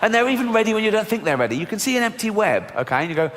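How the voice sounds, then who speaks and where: A middle-aged man performing a deadpan stand-up comedy routine on a theatre stage, swearing freely and putting on squeaky voices for children. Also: very fast. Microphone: stage microphone. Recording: live show recording with long hall reverb and faint background noise. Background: live audience laughter.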